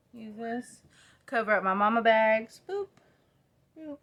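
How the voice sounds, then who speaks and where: A woman's voice: a little high, lively intonation, slow pace, dull audio, background noise. Chatty young woman with a drawl. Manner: chatty, rambling, self-deprecating. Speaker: vlogger. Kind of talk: casual get-ready-with-me chat. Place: at home by a mirror.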